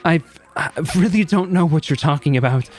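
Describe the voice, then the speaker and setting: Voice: mid-range voice, fairly quick, faint music behind, voice pushed up, lightly acted. A streamer voicing a nervous young male prisoner in a game, stammering and apologetic. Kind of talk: reading game dialogue aloud.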